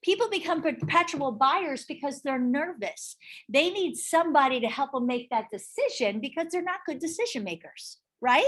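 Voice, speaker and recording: A middle-aged woman teaching a live real estate sales class, animated and often checking in with her listeners. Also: high voice, moderate pace. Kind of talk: live training talk to a class.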